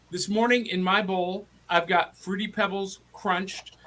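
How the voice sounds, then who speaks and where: A man's voice: high voice, fairly bright tone, a little hiss or hum. A middle-aged man from Middle Tennessee hosting a live online show, chatty and enthusiastic with frequent restarts. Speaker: host.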